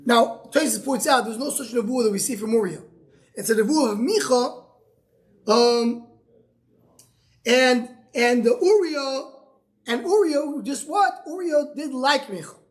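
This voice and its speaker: A man with a notably high voice leads a Talmud class as a rabbi. He quotes each line of the text and then explains it in conversational English. His delivery halts often, repeating a word or two before the thought comes out. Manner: halting, repeats words while searching for phrasing.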